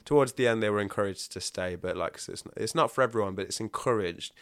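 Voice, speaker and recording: A man chatting casually as a guest, telling stories in an animated way and often breaking into laughter. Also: lowish voice, fast, dry recording, studio quality. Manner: animated, laughing, acts out quotes. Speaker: podcast guest. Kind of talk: casual storytelling chat.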